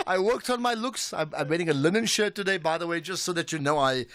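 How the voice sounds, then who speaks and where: A man's voice: fairly high pitch, expressive, fast, fairly bright tone. A man hosting a live radio talk show, chatty and self-mocking with frequent restarts. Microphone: studio microphone.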